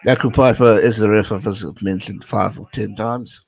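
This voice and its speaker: A young man with a slightly low voice talks casually through a live rugby match while streaming. He chats and answers his viewers as he goes. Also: fairly even intonation, moderate pace, vocal fry, slightly rough, rough recording. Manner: chatty, reads out viewer messages. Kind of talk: casual live watch-along commentary.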